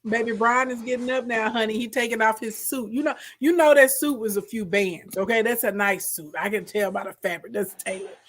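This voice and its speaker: A woman's voice: a little high, brisk, hardly any pauses, a little hiss or hum. Sassy Southern woman commentator. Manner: animated, sassy, repeats "baby" and "okay". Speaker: commentator reacting to court footage. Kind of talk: casual commentary.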